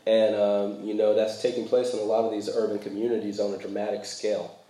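Mellow-voiced man preaching conversationally. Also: lowish voice, little pitch movement, a little fast, echoey room, poor audio. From United States. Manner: conversational, frequent fillers, laughs while telling stories. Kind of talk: sermon talk.

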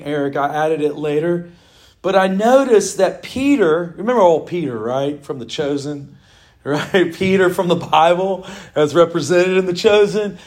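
A man, preaching an animated sermon in church as the pastor, telling stories and reading scripture. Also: high-pitched. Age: 40s. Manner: animated storytelling preaching, mimics owl calls.

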